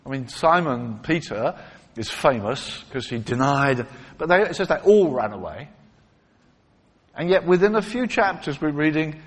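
Animated preacher man in a big echoey hall. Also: a little high, breathy edge. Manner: animated storytelling, acts out quotes, emphatic repetition. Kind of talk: sermon. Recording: long reverb of a large hall.

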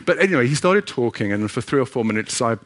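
A man's voice: medium pitch, animated, fast, a bit bright. A middle-aged man giving a sermon with a personal story, earnest and conversational, often restarting his sentences. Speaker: preacher.

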